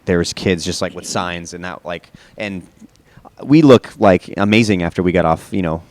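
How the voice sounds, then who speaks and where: A man in a band telling tour stories in a casual interview, excitable and stumbling over his words, a bit under the weather. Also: deep voice, moderate pace. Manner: excitable, stammering, many restarts. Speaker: band member.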